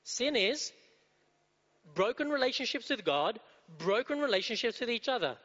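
A man's voice: very high voice, very animated, moderate pace, fairly bright tone. A male preacher giving a sermon, asking the congregation rhetorical questions and repeating key phrases. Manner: rhetorical questions, repetition, asks the audience. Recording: dull, muffled sound in a reverberant hall.

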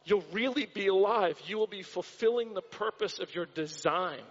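A man's voice: high-pitched, normal speed. Man, sermon, impassioned preaching, dull muffled recording, church hall. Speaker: pastor. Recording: dull sound with long hall reverb.

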